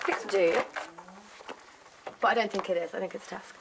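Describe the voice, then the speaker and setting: A woman's voice: medium pitch, brisk, vocal fry. A young woman on a reality show, chatting casually and animatedly acting out what people said. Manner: animated retelling, acts out quotes. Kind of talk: casual chat. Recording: noisy house recording.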